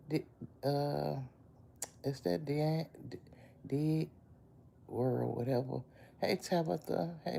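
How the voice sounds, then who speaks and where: A woman's voice: deep voice, vocal fry, warm tone, slight background noise. A sick woman with a chest cold, lying in bed and chatting on a phone live stream, greeting viewers by name and calling them baby. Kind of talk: casual live-stream chat.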